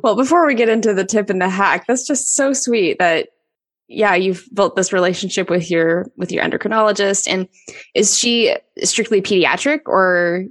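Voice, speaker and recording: A woman's voice: medium pitch, moderate pace. A woman in her thirties co-hosting a podcast, upbeat and organized in her chat. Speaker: podcast co-host.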